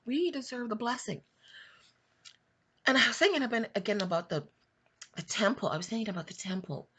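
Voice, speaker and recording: A woman's voice: medium pitch, animated, fast talker, pushed and bright, a little hiss or hum. A woman talking casually, telling a rambling family story and then reflecting on faith, with many restarts and bits of laughter. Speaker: online video host.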